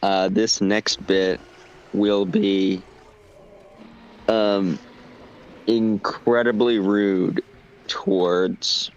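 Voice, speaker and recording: Low slow guy rambling on stream while he plays, keeps getting sidetracked. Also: level tone, dull audio. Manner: slow, distracted, self-deprecating chatter. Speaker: stream co-host. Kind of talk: casual chat while playing a game.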